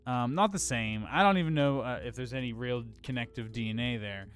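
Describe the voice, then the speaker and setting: A young man with a mid-pitched voice chats casually as a film podcast co-host. He hedges and fills his sentences with "like". Faint music plays underneath. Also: fairly quick, a bit bright, clear, resonant tone. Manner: loose, hedging, many "like"s.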